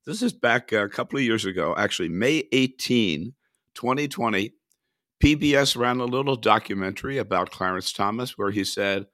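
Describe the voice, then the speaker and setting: A man hosting a political podcast, brisk and conversational as he hands off to guests by name. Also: fairly low pitch, animated, fairly bright tone, dry recording, studio quality. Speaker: podcast host. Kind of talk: casual political podcast chat.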